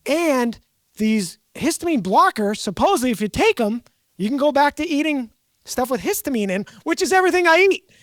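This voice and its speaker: A woman's voice: high voice, sing-song, normal speed, no echo, clean studio sound. A woman with a Boston accent chatting casually, a rambling storyteller who loves puns. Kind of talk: casual chat.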